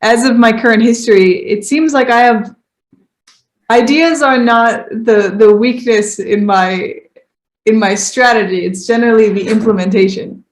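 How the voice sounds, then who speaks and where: Woman, podcast host, casual interview, hesitant and candid, high-ish voice, echoey room. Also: measured pace.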